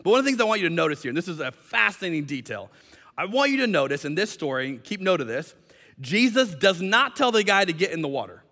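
A male pastor delivers a sermon in a church hall, his high, bright voice animated as he quickly acts out the people in his story. The large hall gives his voice a long reverb.

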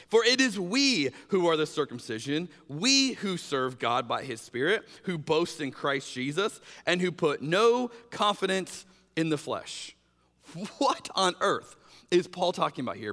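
An unhurried pastor with a somewhat high voice preaches through a long reverb tail. His sermon is conversational, sprinkled with "like" and "you know," and he brings quoted exchanges to life by animatedly switching voices.

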